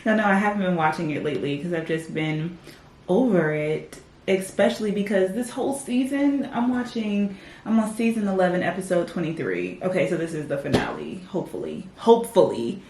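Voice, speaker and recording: Young woman vlogger, lowish voice, chatty and ranting, echoey home room. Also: expressive, brisk, a little mellow. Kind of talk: casual vlog chat. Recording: echoey room, faint background noise.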